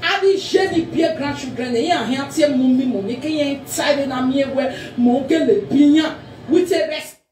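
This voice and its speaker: A woman's voice: high voice, moderate pace, a little mellow. A woman, chatting loosely with exclamations. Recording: far off mic, echoey room with faint noise.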